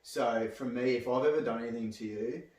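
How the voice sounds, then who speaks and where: A young man hosting a casual chat, speaking earnestly and haltingly with many restarts. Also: mid-range voice, darkish tone. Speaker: podcast host. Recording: echoey room, distant mic.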